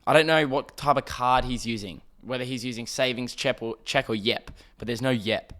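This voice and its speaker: A young man hosting a solo podcast, telling a story in an animated, profane, ranting way. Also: mid-range voice, moderate pace. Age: young adult. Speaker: podcast host.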